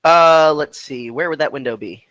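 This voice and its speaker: A man playing a tabletop game, deliberately describing what his character does. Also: on the high side, a bit bright, dry recording, rough recording. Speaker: player.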